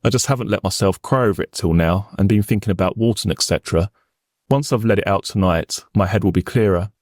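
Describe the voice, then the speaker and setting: A terse, guarded young nurse on the witness stand, read by a man in a courtroom reenactment. The answers come short, flat and low, and her old texts are read out evenly. The sound is close and dry. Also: fast talker, dry recording, close to an everyday voice.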